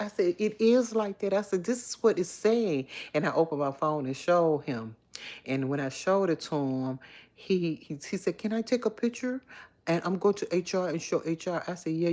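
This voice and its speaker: A woman's voice: lowish voice, dark tone. A middle-aged woman hosting a casual livestream, chatting candidly and reading viewer comments aloud on her phone. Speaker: livestream host. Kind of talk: casual live chat with viewers.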